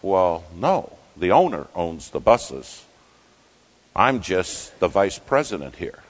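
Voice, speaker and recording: A man's voice: deep voice, very animated, takes it slowly, in a large hall, voice pushed down, heavily acted. A man doing a curt, blunt vice president. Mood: defensive. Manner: blunt and dismissive. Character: curt, self-important company vice president.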